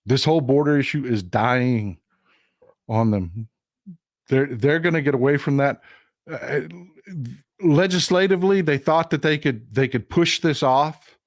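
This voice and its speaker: A man's voice: mid-range voice, unhurried, no room sound, studio quality. A man hosting a political commentary livestream, talking bluntly and emphatically, repeating short phrases for weight and thanking viewers who send donations. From Texas. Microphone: streaming setup mic.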